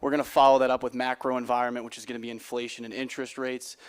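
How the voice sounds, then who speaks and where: A man's voice: mid-range voice, level tone, rapid-fire, clear, resonant tone. A young man, a college student, explaining an agenda in a plain presentation to an audience. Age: young adult.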